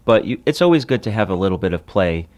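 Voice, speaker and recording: Low-voiced joking man. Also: very animated, fast talker, darkish tone. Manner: laughs often, loose and joking. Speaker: podcast co-host. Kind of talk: casual chat.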